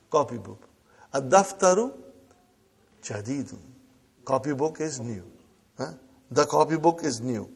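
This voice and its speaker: Slow-repeating male Arabic teacher. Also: a little high, darkish tone, husky. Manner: repeats phrases slowly, prompts the class with "huh?". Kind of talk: classroom lesson.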